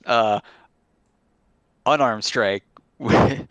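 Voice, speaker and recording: A man's voice: fairly low pitch, fairly even intonation, moderate pace, pauses often, fairly bright tone, smooth, no echo. A man playing a tabletop game, casual, playful and laughing. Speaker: player.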